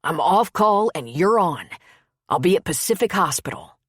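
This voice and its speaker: A woman's voice: fairly low pitch, very animated, husky, no echo, studio quality. A woman narrator voicing a frantic young husband, a deputy, in an audiobook, with little change from her own voice. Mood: urgent. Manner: urgent, hurried.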